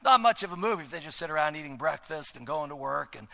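A male pastor preaching a sermon, swinging between shouted emphasis and hushed, drawn-out words. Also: a little high, lively intonation, creaky. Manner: dramatic, swings from shouting to near-whispers. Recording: long hall reverb.

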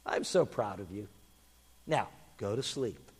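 A gentle, loving mother donkey played by a man reading a children's story. She speaks low and soft, with tender calm. A long reverb hangs around the voice. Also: measured pace, breathy edge, full character voice.

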